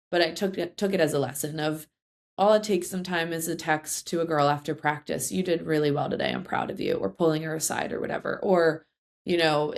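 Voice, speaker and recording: A young woman coach talks through her stories in a relaxed interview, her voice sitting a little low. She rambles, full of fillers and false starts. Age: young adult. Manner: chatty, many fillers and restarts. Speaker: head field hockey coach. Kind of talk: casual interview storytelling.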